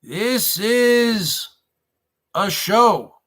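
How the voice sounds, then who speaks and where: Male livestream host, high voice, slow delivery, repetitive rhetorical questions. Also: lively intonation, fairly bright tone. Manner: addresses audience as folks. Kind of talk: rambling live-stream monologue.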